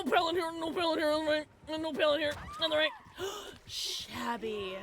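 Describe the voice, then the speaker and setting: A woman live-streaming gameplay, talking to chat, excitable, shrieking and laughing, swearing freely. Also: sits high, moderate pace, pauses often, a little hiss or hum. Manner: chatty, swears, thanks chat.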